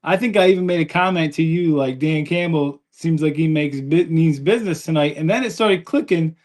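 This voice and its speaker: A man's voice: fairly high pitch, a little fast, darkish tone. A man hosting a live sports podcast, chatty and upbeat as he reads viewer comments aloud. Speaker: podcast host.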